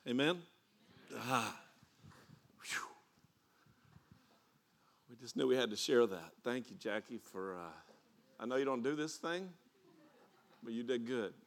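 A man's voice: mid-range voice, expressive, unhurried, long pauses. A middle-aged man leading a fervent spoken prayer, calling out to the Lord again and again. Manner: fervent, repetitive calls of "Lord". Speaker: prayer leader.

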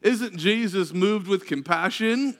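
A man preaching, telling a story with animated delivery, often laughing and acting out what people said. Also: sits high, takes it slowly. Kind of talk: sermon storytelling.

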